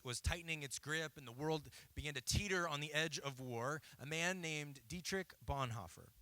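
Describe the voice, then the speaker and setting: A man's voice: a little high, bright, forceful tone, no echo. A man in his thirties preaching a sermon in a church, telling stories in a conversational way and often checking in with "right?". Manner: conversational storytelling with frequent "right?" asides. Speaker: pastor.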